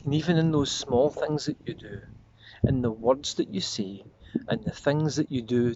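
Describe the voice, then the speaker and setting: Male pastor, earnest devotional tone, reflective refrains, slightly muffled recording with faint hiss. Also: medium pitch. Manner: earnest, slows and softens on repeated refrains. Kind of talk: devotional sermon. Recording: slightly dull lo-fi audio with faint noise.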